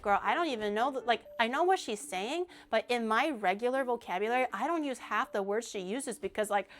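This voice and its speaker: A woman VTuber streaming in casual, animated chat, joking at her own expense and laughing often, from a home mic setup. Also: a little high.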